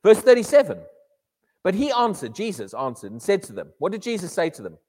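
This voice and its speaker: A man preaching a sermon in an animated way, often repeating his words and acting out quotes. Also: high-pitched, a little fast. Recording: echoey hall reverb.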